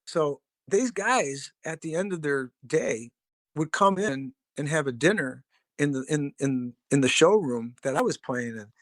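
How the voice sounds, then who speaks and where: A middle-aged man with a somewhat high voice recounts old stories in a loose, rambling way, swearing freely and padding his sentences with fillers. The sound is dry and close, with no room around it. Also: animated, measured pace, a bit bright, dry recording. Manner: rambling, profane, laid-back storyteller with many fillers. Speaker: podcast guest, drummer. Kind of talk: casual storytelling.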